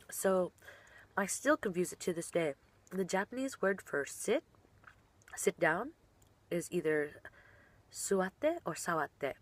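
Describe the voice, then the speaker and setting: Giggly young woman, a bit low-pitched. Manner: bubbly and giggly, trails off mid-sentence. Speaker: professional wrestler. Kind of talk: casual chat answering online questions.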